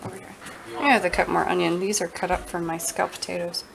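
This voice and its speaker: Woman showing her home cooking, chatty, a bit of vocal fry, steady noise behind her. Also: fairly low pitch, fast talker. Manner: chatty, talks to the food and the viewers. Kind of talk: casual cooking demonstration. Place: home kitchen.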